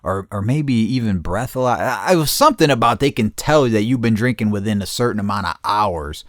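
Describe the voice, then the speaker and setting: Middle-aged male podcast host, swearing, laughing storyteller with an animated delivery, dry recording. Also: on the low side, brisk, no echo. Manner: profane, laughs often while telling stories. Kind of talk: casual storytelling.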